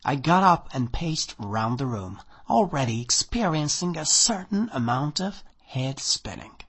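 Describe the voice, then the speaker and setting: Male narrator, husky voice, slightly high pitch, story reading. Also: sing-song, a little slow, a bit bright. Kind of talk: audiobook reading of a short story.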